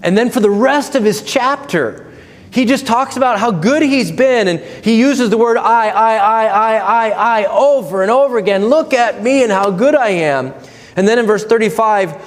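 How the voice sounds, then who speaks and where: A man preaching a sermon as pastor, earnest, swinging from loud, lively quoted asides to low, hushed emphasis. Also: normal speed, in a large hall. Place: church sanctuary.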